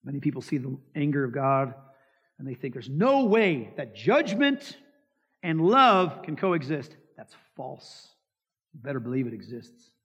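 In a medium-pitched, sing-song voice that's a bit bright and slightly rough, a male pastor preaches a little slowly but emphatically. He puts rhetorical questions to the congregation and acts out quotations, heard through dull lo-fi sound and long hall reverb.

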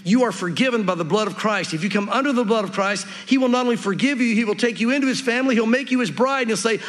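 A man's voice: high-pitched, expressive, fast talker, hardly any pauses. A man preaching a sermon as a pastor in a church, conversational and earnest, acting out the people in the story. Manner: conversational, earnest, acts out quotes. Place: church sanctuary. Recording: long reverb of a church hall.

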